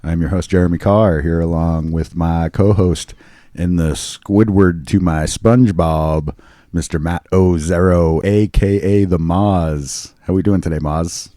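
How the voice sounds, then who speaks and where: A male podcast host with a low, mellow voice, recorded close and dry with no room sound. He talks in an easygoing, laid-back way, bantering with his co-host and reading the housekeeping notes without fuss. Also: a little slow, no echo. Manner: easygoing, relaxed delivery of show announcements.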